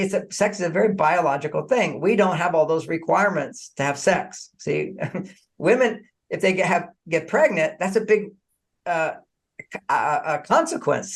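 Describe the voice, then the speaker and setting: A man speaking as an author guest in a podcast interview. He is animated, chuckles often and repeats words as he restarts his sentences. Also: fairly high pitch, creaky. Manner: animated, acts out dialogue, frequent chuckles.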